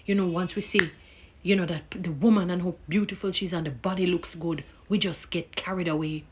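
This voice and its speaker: A woman's voice: lowish voice, fairly even intonation, fairly quick, noisy background. A woman with a Jamaican accent delivering an impassioned, indignant opinion rant that preaches and cites scripture. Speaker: commentator.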